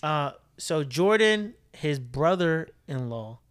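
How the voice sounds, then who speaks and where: A young man co-hosting a podcast, telling an animated story in casual chat and swearing freely. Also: fairly high pitch, slow, smooth. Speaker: podcast co-host.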